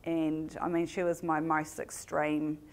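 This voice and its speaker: A New Zealand woman with a notably low, deep-set voice speaks at a community event. She tells a personal story in a lively way and slips into the voices of the people in it. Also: unhurried. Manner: lively storyteller who acts out remembered dialogue.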